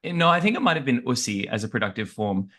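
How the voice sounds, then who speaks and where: A man's voice: mid-range voice, sing-song, fast talker, fairly bright tone. A man co-hosting a casual language podcast, rambling and hesitant with many restarts and laughs. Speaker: podcast co-host. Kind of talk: casual chat.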